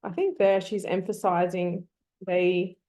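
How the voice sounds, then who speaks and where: A woman's voice: lowish voice, little pitch movement, unhurried, warm tone. A woman teaching an online class, coaxing her students and thinking aloud with frequent ums.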